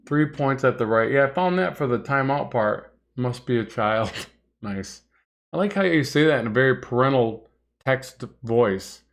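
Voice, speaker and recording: A man's voice: mid-range voice, creaky. A middle-aged man hosting a casual comic art livestream, rambling and chatty as he draws and reads viewer comments. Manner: rambling and chatty, many fillers and restarts, reads chat aloud.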